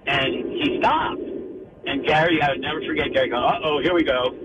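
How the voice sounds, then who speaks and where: A middle-aged man with a slightly high voice tells a long story as a radio guest, jumping into the voices of everyone he quotes. Heavy noise runs behind him on the broadcast line. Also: brisk, highs cut off. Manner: animated anecdote teller, acts out quoted voices. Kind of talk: phone-in radio interview storytelling.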